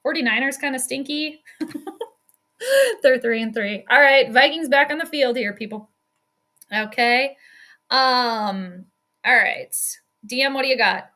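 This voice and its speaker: A woman with a high-pitched, sharp and bright voice calls a football game live from her home stream. She talks casually, laughs often, and reads out her chat as she goes. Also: lively intonation, takes it slowly, pauses often. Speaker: sports streamer doing live game commentary. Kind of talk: casual live play-by-play commentary.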